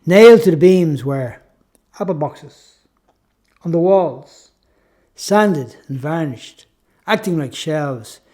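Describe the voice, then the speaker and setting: A man's voice: fairly high pitch, animated, slow pace, long pauses, warm tone. A man reading his own story aloud as a reflective, first-person audiobook narration.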